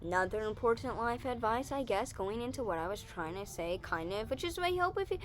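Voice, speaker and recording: A woman's voice: mid-range voice, fairly quick. A young woman casually chatting in a Q&A vlog, rambling and self-correcting as she talks. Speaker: vlogger.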